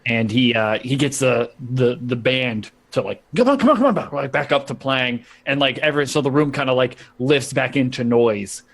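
A man's voice: medium pitch, steady tone, moderate pace, few pauses, a bit bright. A man narrating as game master of a tabletop role-playing game, rambling with frequent fillers and laughter.

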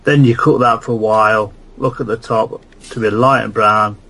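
A man voicing a British-accented man reading out a cooking recipe in a slow, deliberate way, as a comic podcast bit. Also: lowish voice, steady tone, sharp tone. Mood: instructive.

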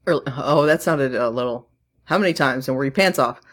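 A woman's voice: a bass voice, fairly quick, fairly bright tone. A woman co-hosting a podcast in casual chat, teasing and laughing often. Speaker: podcast co-host. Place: recorded live.

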